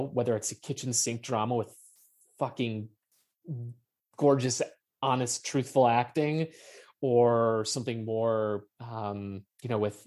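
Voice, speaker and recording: A man's voice: medium pitch, mellow. Passionate, rambling male playwright guest. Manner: passionate, rambling, swears casually, many fillers. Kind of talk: casual interview talk.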